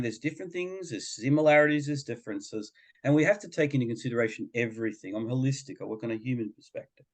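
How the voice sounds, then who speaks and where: A man's voice: mid-range voice, darkish tone. A middle-aged man, telling a chatty personal story as a podcast guest and acting out other people's voices. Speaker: guest, behaviour coach. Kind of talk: storytelling in a casual podcast chat.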